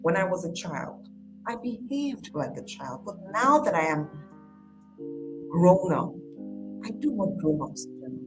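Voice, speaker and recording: A woman's voice: on the low side, sing-song, unhurried, pauses often, rough recording. Woman giving a casual pep talk over music. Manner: conversational, repeats phrases, acts out quoted voices. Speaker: motivational speaker.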